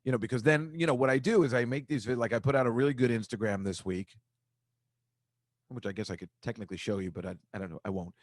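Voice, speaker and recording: Talking fast, a man rambles on his own podcast in a casual, self-mocking comic monologue, his pitch jumping around frequently. The sound is dry and studio-clean.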